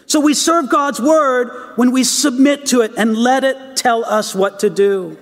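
A man's voice: very high-pitched, measured pace, in a large hall. A man preaching a sermon, emphatic, asking rhetorical questions and repeating words as he builds his points.

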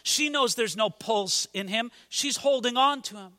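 Impassioned high-voiced male preacher. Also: measured pace, pushed and bright, long reverb tail. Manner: impassioned, voice swelling and dropping for emphasis. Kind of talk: sermon.

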